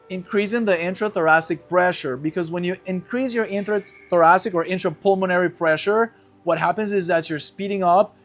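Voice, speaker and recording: A man teaching a guided breathing lesson, explaining each step and checking in with his class as he goes. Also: high voice. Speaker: breathwork instructor.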